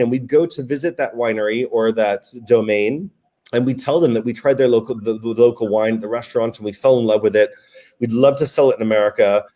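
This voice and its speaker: Chatty man telling stories on a video call. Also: medium pitch. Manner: relaxed, chatty, frequent fillers and restarts. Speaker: wine sales director, guest. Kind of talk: casual interview storytelling.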